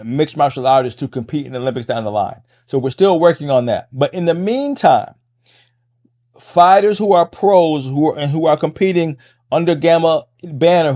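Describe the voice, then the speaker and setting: A middle-aged man with a fairly high, mellow voice talks quickly through a casual podcast monologue. He often restarts his phrases and keeps checking in with a quick "right?". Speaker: podcast host and MMA coach.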